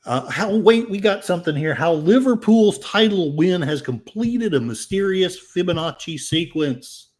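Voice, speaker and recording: A man's voice: high voice, expressive, unhurried, hardly any pauses, darkish tone. An older man hosting a podcast, reading headlines aloud and commenting with sarcasm and many fillers. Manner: sarcastic, rambling, with frequent fillers. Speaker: podcast host.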